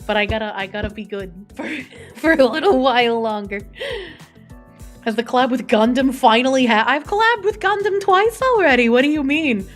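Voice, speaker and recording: Chatty high-voiced woman streamer. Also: normal speed. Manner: chatty, swears freely, laughs often. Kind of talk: casual chat reading out viewer messages. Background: faint background music.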